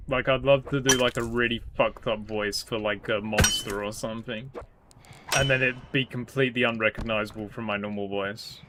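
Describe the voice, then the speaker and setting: A man's voice: on the low side, steady tone, moderate pace, noisy background. A British man streaming a game, chatting casually in a rambling, self-deprecating way with lots of "like" fillers. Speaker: gaming streamer. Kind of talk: casual stream chat while playing.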